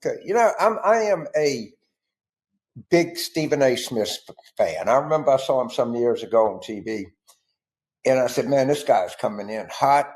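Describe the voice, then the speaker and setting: A man talks as a political strategist. He is blunt, folksy, and profane. His voice sits in a middle pitch. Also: lively intonation, normal speed, a little mellow. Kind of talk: blunt clip commentary.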